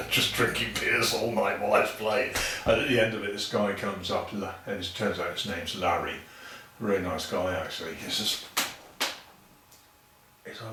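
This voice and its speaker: A man's voice: fairly low pitch, bright, forceful tone, slight background noise. A man telling casual, rambling stories as a podcast guest, swearing freely and acting out other people's lines. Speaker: guest saxophonist. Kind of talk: casual anecdotal storytelling. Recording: echoey room, mic far off.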